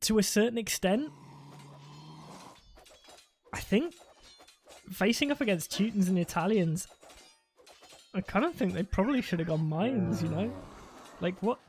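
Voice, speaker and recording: A man's voice: high-pitched, animated, unhurried, pauses often, darkish tone. Rambling British man casting games. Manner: rambling, jokey, self-interrupting. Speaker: esports caster. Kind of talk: live game commentary.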